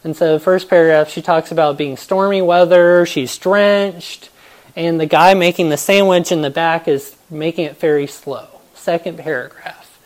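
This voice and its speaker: Low-voiced woman giving an earnest devotional talk. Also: steady tone, moderate pace, a little mellow.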